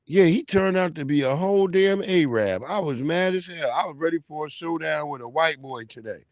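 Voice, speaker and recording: A man's voice: fairly high pitch, expressive, a little fast, no room sound, lo-fi sound. A man hosting a livestream, swearing freely and laughing as he tells stories and greets his chat. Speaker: livestream host.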